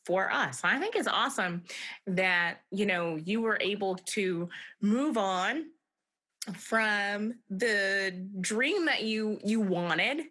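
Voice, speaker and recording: A woman hosts a podcast interview in a bright, clear voice. She talks in a chatty, reflective way and laughs easily as she praises her guest. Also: mid-range voice, expressive, slow. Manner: warm laughing, reflective, speaks of faith. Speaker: podcast host and mediator. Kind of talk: conversational interview.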